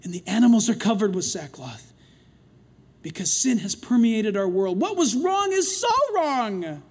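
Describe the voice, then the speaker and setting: An older man preaching a sermon in an animated way, acting out the voices in the stories he retells. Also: high-pitched, a little slow. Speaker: pastor.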